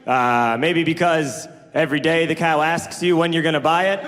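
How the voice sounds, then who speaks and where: A man performing a stand-up routine, riffing rapidly in a tone of disbelief. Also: on the high side, fairly even intonation. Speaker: stand-up comedian. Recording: reverberant hall with crowd and noise.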